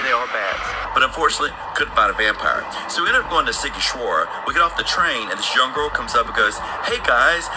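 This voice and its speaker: Middle-aged man telling a story. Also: mid-range voice. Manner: animated, acts out voices in his story. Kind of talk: casual storytelling. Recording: noisy background ambience.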